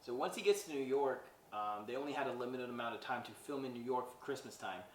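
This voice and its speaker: This podcast host talks fast at a medium pitch, rambling through a movie's plot and acting out scenes with plenty of "he's like" quotes. A little hiss or hum is present, and the distant mic picks up an echoey room.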